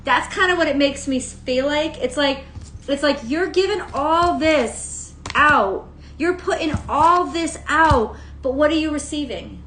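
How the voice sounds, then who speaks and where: High-voiced, rambling, profane woman tarot reader. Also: animated, unhurried, background noise. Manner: rambling, profane, laughs often. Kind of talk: casual daily tarot reading. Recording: roomy echo.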